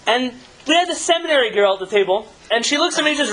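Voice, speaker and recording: A man's voice: extremely high pitch, lively intonation, fast talker, few pauses, pushed and bright, low-quality recording. A man, a rabbi, giving a live talk and telling stories in a conversational way, asking his audience questions.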